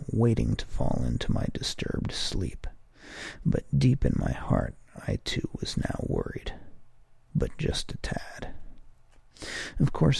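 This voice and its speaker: A man's voice: rumbling low, gravelly, darkish tone, slightly rough, no room sound. A man narrating a story in the first person, in a wry, arch, florid way.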